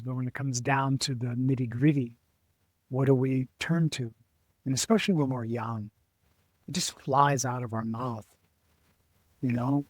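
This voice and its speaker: A middle-aged man appears as a guest on an interview show, an adventurer and author sharing stories in casual conversation. He tells them with lively animation, acting out other people's voices and frequently halting to restart his sentences. His voice sits in the mid range, and the recording is dry.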